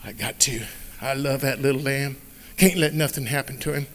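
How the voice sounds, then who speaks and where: A man's voice: high-pitched, lively intonation, fairly quick, pushed and bright, long reverb tail, pitched below the performer's own voice. A man voicing an earnest, determined shepherd in a church storytelling. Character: devoted shepherd, steady grown man.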